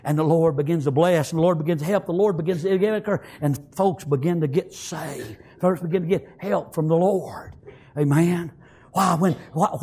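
A man preaching a sermon in a high voice. He swings between quiet, hushed passages and fervent shouted ones, with an amen or praise God after nearly every line. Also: moderate pace, slightly rough.

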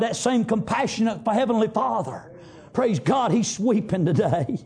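A man preaching a fervent sermon, rising to shouts and punctuating with amens. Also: high-pitched, moderate pace, husky.

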